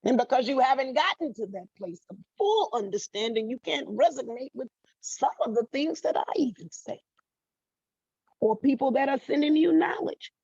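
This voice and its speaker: Middle-aged woman life coach, raspy and gravelly, blunt motivational talker with a salty mouth, lo-fi dry audio. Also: high-pitched, expressive, normal speed, a little mellow, no room sound. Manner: emphatic, repeats phrases, laughs often, blunt with swearing. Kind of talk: motivational monologue. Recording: dull dry lo-fi recording.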